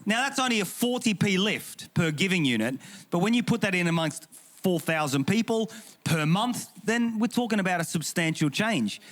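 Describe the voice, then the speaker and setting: English male pastor, slightly high voice, humorous and emphatic panel speaker. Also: animated, normal speed, fairly bright tone. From England. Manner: humorous, emphatic and indignant, with repeated restarts. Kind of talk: panel discussion talk.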